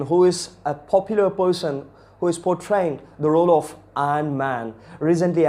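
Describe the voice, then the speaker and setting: A man's voice: fairly high pitch, dark tone. A man with an Indian accent giving a chatty video lesson on English accents, talking straight to viewers with many fillers.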